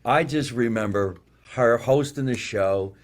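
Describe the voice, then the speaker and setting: A man hosting a podcast, swapping comedy stories in animated, casual chat. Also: mid-range voice, measured pace. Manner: animated storyteller, acts out quotes. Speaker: podcast host.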